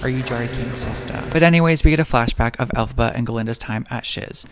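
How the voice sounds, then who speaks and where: A man riffs through a movie recap with sarcastic, rapid-fire jokes. His voice carries a gravelly, creaky edge at an ordinary pitch. A faint hiss sits underneath. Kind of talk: comedic movie recap narration.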